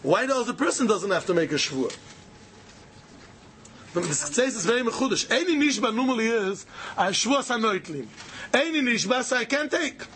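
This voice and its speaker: A man giving an animated Talmud lecture, repeating key phrases for emphasis. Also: very high-pitched, normal speed, long pauses, slight background noise. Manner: animated, repeats phrases, mixes Yiddish and Hebrew terms. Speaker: Talmud teacher. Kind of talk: yeshiva-style Talmud lecture.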